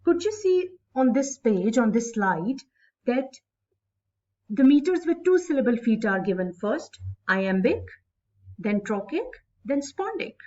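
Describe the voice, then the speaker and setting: A woman's voice: fairly high pitch, big pitch swings, measured pace, a little mellow, dull audio. A woman teaching English literature to students in a recorded lecture, addressing them directly and stressing syllables aloud. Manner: addresses students directly, repeats key points.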